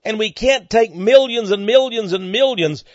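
A man hosting a monologue commentary, speaking emphatically and climbing into excited outbursts, on a dull lo-fi recording. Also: sits high, moderate pace, dry recording. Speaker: commentary host.

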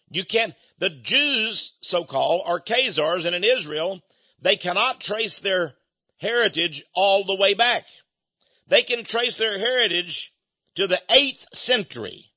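Older man, high bright voice, folksy rambling monologue, dull lo-fi recording. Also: slightly rough, no room sound. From United States. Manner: folksy, rambling, chuckles between points. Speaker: speaker. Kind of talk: opinionated monologue.

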